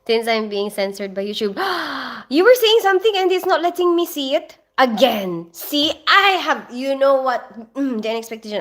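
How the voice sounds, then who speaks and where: Woman, thirties, casual livestream chat, giggly, rambling. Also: a little high. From Philippines. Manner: chatty and giggly, with frequent laughter and rambling asides. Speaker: nurse and livestream host. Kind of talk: casual livestream chat reading viewer comments.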